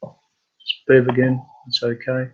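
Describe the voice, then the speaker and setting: A man speaking at a medium pitch in a monotone hosts a casual live computer training webinar. He talks haltingly with many fillers and restarts, and the high frequencies are cut off.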